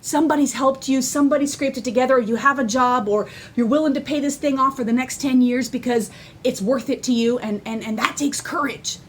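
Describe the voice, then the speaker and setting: A woman talking casually to the camera, excitable and candid, often laughing as she tells her story. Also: sits high, brisk, a little hiss or hum. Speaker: vlogger sharing her personal story.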